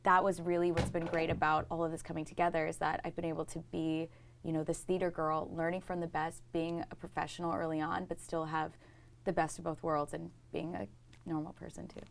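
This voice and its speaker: A chatty young woman from Texas talks about her stage career in a bubbly way, joking and laughing easily. Her voice sits a little low for a woman. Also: level tone, a little fast, vocal fry, slight background noise. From Houston, Texas. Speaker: Broadway actress, guest. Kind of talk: casual interview chat.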